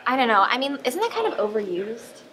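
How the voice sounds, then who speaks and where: A woman's voice: fairly high pitch, sing-song, brisk, over a noisy crowd, low-quality recording. A young woman acting a bossy, insistent student in an amateur school skit.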